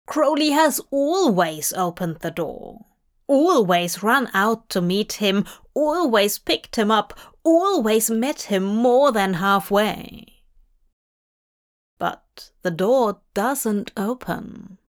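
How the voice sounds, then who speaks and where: A woman reading a fanfiction story aloud in measured, gently wry scripted narration. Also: medium pitch, sing-song. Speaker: podfic reader.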